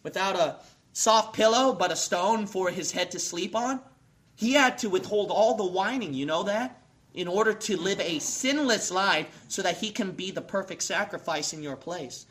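High, bright-voiced impassioned male preacher. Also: expressive, normal speed. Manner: impassioned, swings between hushed lines and sudden shouts; repeats phrases for emphasis, asks rhetorical questions. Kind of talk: sermon.

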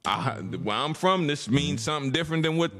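Podcast co-host, man, East Coast, lively storyteller voice that swings high and low. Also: a little fast, soft background music. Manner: animated storyteller, acts out quotes with big pitch jumps. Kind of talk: casual chat.

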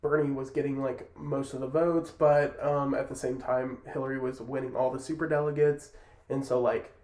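A man as a podcast guest in casual chat, talking quickly and filling with "like". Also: mid-range voice, level tone, darkish tone. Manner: fast talker, says "like" often. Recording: roomy echo.

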